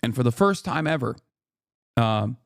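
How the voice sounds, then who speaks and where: A man's voice: medium pitch, expressive, measured pace, gravelly, dry recording, clean studio sound. A man streaming reaction commentary, ranting emphatically with plenty of profanity.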